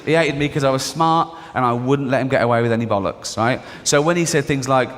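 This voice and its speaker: A man's voice: medium pitch, fast talker, few pauses, in a large hall. A middle-aged Englishman with an English accent doing a mocking stand-up comedy routine. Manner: mocking, sardonic, acts out characters in the bits.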